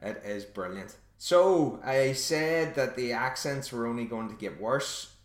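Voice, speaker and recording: A man's voice: mid-range voice, a little slow. A Northern Irish man hosting a solo podcast, telling a story in a wry, self-deprecating way. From Northern Ireland. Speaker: podcast host. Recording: roomy echo.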